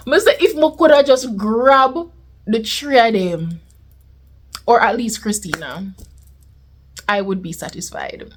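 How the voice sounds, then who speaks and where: A young woman with a Jamaican accent telling a storytime vlog in a lively way, slipping into patois. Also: a little high, takes it slowly, pauses often, slightly rough. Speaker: vlogger. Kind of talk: casual storytime.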